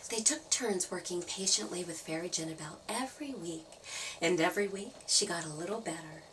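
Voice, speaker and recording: Lively children's storyteller, woman, slightly distant mic. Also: on the low side, brisk, slight background noise. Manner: expressive, playful sound effects.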